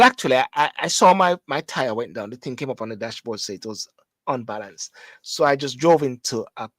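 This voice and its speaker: A man's voice: on the high side, no echo. A man who grew up in Jamaica, with a Jamaican accent, hosting a show with a casual, rambling monologue full of restarts and repetition. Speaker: host. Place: London.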